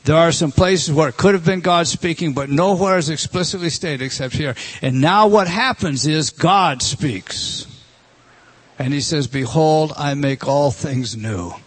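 A man preaching a sermon, emphatic and earnest, often dropping to a low, soft voice to drive a point home. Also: measured pace, breathy edge.

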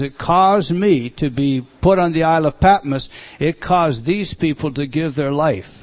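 Middle-aged guy teaching bible study, slightly high voice, slow and deliberate, repeats stuff for emphasis. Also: a little mellow.

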